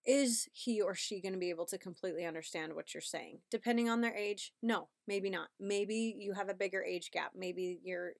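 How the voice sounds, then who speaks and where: A pregnant woman in her thirties talks through a parenting podcast in a chatty, upbeat way, often tossing in a quick "right?". Her voice sits at a middle pitch, and the recording is dry and close, with no room sound. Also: vocal fry, no echo. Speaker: podcast host. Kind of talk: casual parenting podcast talk.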